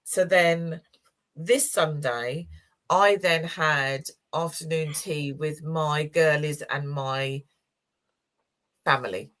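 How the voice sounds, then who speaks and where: Sitting low with fairly even intonation, this woman speaks slowly. She co-hosts a community chat show in her sixties, and in the casual talk she tells personal stories with warmth, emotion, and laughter.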